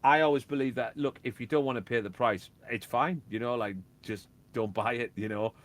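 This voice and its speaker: A man, a DJ and label owner, chatting casually and telling animated stories that act out beats and quotes. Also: medium pitch, a little fast. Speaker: guest, DJ and record label owner. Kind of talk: casual chat.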